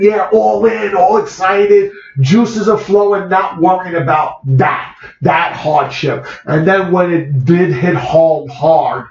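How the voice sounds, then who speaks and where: A man, an actor, recalls a personal story in conversation, halting and repeating words as the feeling comes through. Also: fairly high pitch, vocal fry. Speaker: actor, guest. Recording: roomy, dull lo-fi sound.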